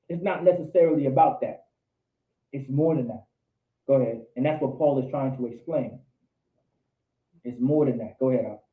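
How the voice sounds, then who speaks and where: A man teaching a Bible class, quizzing his students and repeating key points for emphasis. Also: medium pitch. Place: indoor meeting room with a class. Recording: tinny, echoey lo-fi room recording.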